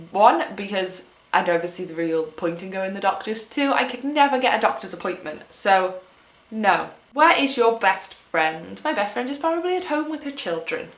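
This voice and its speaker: Her voice is medium-pitched and the room sounds spacious. She's a twenty-something English vlogger answering tag questions at home, chatty and wry, often mocking herself.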